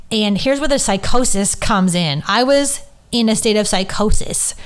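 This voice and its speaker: A woman's voice: medium pitch, clear, resonant tone. A woman hosting a podcast, candidly telling a personal story with strong emotion, holding back tears and swearing freely. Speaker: podcast host and Reiki teacher.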